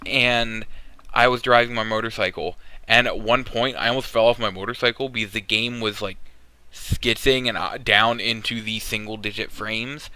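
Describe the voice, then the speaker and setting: A man hosting a casual gaming podcast, talking in an animated way and swinging his pitch up when telling stories. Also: normal speed, clear, resonant tone, no echo, poor audio. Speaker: podcast host.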